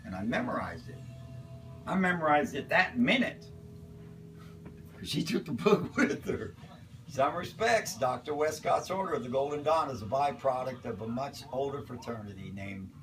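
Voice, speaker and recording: Older man, rambling anecdote, lively swooping pitch, voice from far off, loud music behind. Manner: animated, acts out voices and shouts in his stories. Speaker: storyteller.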